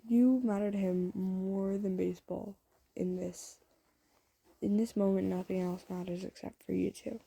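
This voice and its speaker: A woman's voice: medium pitch, steady tone, unhurried, vocal fry, warm tone, husky, poor audio. A woman telling a romantic fan story to the listener in a chatty, rambling way full of fillers. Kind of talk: casual spoken fan story.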